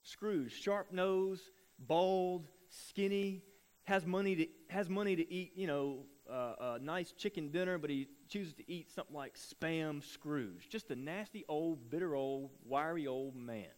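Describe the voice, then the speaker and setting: Pastor with a high-pitched voice, animated preacher who acts out his stories. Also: unhurried. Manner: animated storytelling, acting out voices. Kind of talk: sermon.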